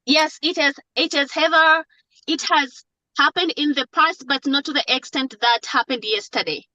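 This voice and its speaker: A high, bright woman's voice pleads before a court, emotional and halting, often repeating her words. She talks into a phone from a parked car. The call audio sounds dull and lo-fi. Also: dry recording. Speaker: mother testifying in court. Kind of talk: court testimony. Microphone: phone on a video call.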